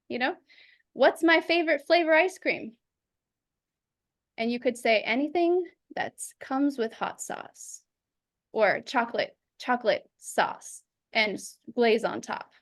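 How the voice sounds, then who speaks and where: A woman teaching public speaking over a video call, lively and acting out examples in quoted voices. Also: a little high. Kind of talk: instructional talk.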